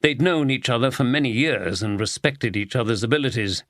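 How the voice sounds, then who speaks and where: A man reading a mystery audiobook aloud in steady, even scripted narration. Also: medium pitch, fairly quick, no echo, clean studio sound.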